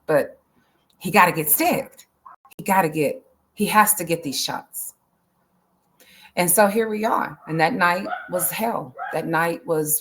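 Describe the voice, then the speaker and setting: A woman's voice: fairly low pitch, measured pace, long pauses, fairly bright tone, a little hiss or hum. A woman speaking as an interview guest, earnest and emphatic, often repeating her phrases. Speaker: interview guest, autism advocate. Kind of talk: emotional interview talk.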